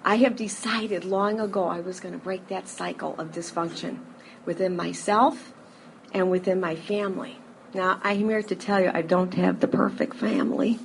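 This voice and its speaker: A middle-aged woman giving a personal recovery testimony to a live audience, telling her story in a lively way, acting out scenes, with frequent fillers. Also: lowish voice, moderate pace, gravelly, a little hiss or hum. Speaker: speaker sharing a recovery story.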